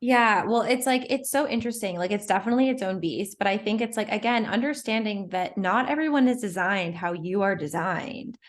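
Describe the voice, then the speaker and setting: A woman from Canada talks as an interview guest at a medium pitch. Her speech is chatty and loose, packed with "like" fillers, and she laughs easily. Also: fairly quick, hardly any pauses. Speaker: guest, Human Design teacher. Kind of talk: casual interview chat.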